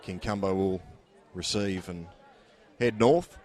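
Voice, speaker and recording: An Australian man commentating live at a local football ground, chatty and relaxed with many fillers. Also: low voice, takes it slowly, some chatter behind. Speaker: sports commentator.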